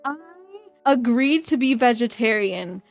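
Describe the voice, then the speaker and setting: Indignant vampire woman ranting at her brother, higher voice, streamer doing the line. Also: unhurried, gravelly, soft background music.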